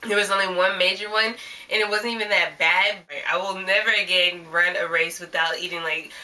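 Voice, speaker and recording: A woman vlogger recounting a story in casual, animated chat, filling her sentences with "like". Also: fairly low pitch, moderate pace. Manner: rambling and animated, constant "like" fillers. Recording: voice a little distant from the mic.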